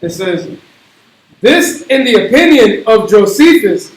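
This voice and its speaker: A man reading a footnoted text aloud slowly and carefully, stumbling over some words. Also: high-pitched, big pitch swings, reverberant, rough recording. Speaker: scripture reader.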